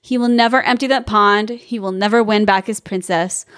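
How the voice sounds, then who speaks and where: A woman's voice: mid-range voice, steady tone, normal speed, fairly bright tone, dry recording, studio quality. A young woman hosting a podcast, reading a fairy tale aloud with giggly, wry asides. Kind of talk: comic storybook reading with asides.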